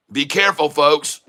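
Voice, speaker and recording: Guy streaming stock trades, super bright sharp voice, jokes with chat then keeps warning everyone over and over. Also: on the high side. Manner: urgent, repetitive warnings to viewers; jokey, laughs often while reading chat. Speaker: day-trading streamer. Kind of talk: live-stream trading commentary and chat banter.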